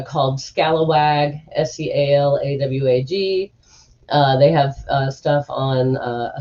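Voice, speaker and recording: A woman's voice: sits low, dark tone, dull audio. A woman hosting a stream from a room at home, rambling in casual chat with lots of fillers and asides while reading an article aloud. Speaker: streamer host.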